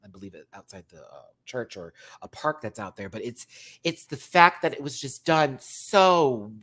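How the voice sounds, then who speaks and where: Texan host with a light Southern twang, animated casual review rant, piles on repeated words for emphasis. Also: male voice, mid-range voice, moderate pace. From Texas. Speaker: drag show reviewer.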